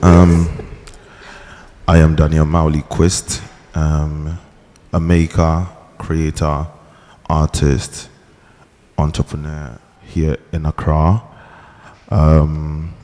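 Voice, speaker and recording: Ghanaian man, very deep and dark voice, slow and unhurried, long hall reverb. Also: completely flat delivery. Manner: laid-back, hesitant, with many fillers. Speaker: panelist, gallery creative director. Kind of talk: panel introduction. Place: large hall, closing panel.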